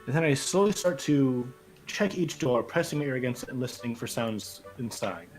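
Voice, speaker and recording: A player in a tabletop game, speaking in a lively, playful way. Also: medium pitch, normal speed, soft background music. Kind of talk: tabletop role-play.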